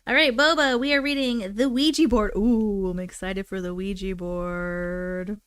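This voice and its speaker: A woman's voice: mid-range voice, fairly even intonation, a little slow, fairly bright tone, clear, resonant tone, dry recording. A woman hosting a livestream, chatting casually with viewers and reading their stories aloud in a playful, chatty way that includes casual swearing. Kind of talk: casual live chat and story reading.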